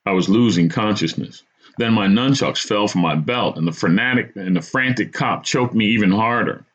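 A man's voice: lowish voice, moderate pace. A man hosting a podcast, telling a true story from his own life in a dramatic first-person style. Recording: dull lo-fi recording.

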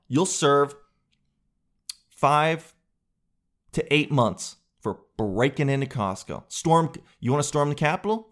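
A man hosting a solo podcast, rambling through jokey riffs with crude asides and self-mocking tangents. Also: medium pitch. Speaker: podcast host. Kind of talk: solo comedic podcast chat.

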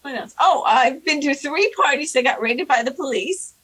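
A woman casually telling anecdotes in an animated way, acting out the people she quotes. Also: moderate pace, poor audio. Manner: animated, acts out quoted people in high squeaky voices. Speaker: storyteller guest.

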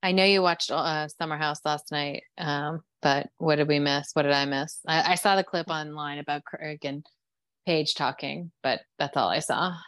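Lower-voiced chatty woman co-host. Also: steady tone, normal speed, a bit bright, smooth, no echo. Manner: chatty, opinionated, many "like" and "you know" fillers. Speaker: podcast co-host. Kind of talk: casual chat.

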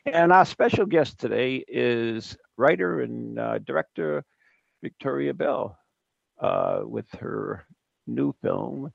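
A man with a New England accent hosting a radio interview, folksy and self-deprecating, halting with fillers. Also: mid-range voice, animated, creaky, no room sound, highs cut off. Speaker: radio show host.

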